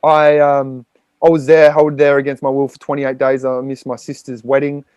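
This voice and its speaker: A man's voice: medium pitch, monotone, normal speed, darkish tone, clear, resonant tone, no echo. An Australian man, a podcast guest, telling a raw personal story with frequent swearing and rambling fillers.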